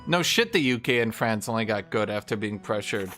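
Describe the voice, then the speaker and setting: A man's voice: fairly low pitch, expressive, music in the background. Profane, opinionated male streamer. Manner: mimics historical nations in quick asides. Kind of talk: casual livestream rant while gaming.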